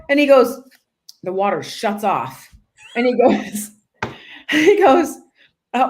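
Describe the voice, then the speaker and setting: Woman, real estate agent, lively storyteller, higher voice, acts out voices. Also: unhurried. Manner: animated, acts out voices in her anecdote. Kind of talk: casual storytelling.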